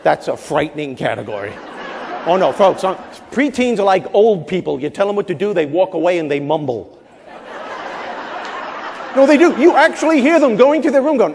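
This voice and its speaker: A man's voice: high voice, sing-song, normal speed, vocal fry, crowd noise, background noise. A man on stage delivering a comedic motivational keynote to an audience in a large hall, punchy and emphatic. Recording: reverberant hall.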